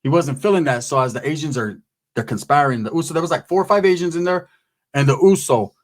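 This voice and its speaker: A man's voice: on the high side, expressive, quick pace. A man telling a prison story in a casual, streetwise, profane way, often slipping into the voices of the people in it.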